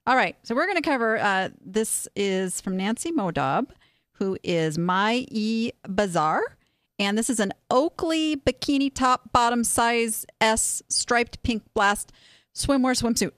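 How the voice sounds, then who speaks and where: A woman's voice: a little high, slow, no room sound, clean studio sound. A woman hosting a casual live stream, giving frank, chatty advice on online sales listings. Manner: chatty, frank, animated, with many restarts. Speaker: host reviewing online listings.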